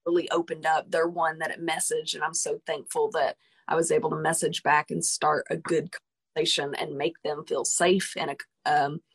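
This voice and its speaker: Husky-voiced woman host, enthusiastic. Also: low voice. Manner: enthusiastic, playful, affirming. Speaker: podcast host. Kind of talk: casual podcast conversation.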